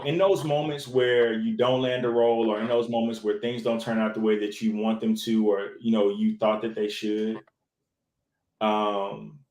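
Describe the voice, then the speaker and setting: A man, an actor, talking casually in an interview, animated and full of restarts and fillers. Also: medium pitch, reverberant, rough recording. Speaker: actor, podcast guest.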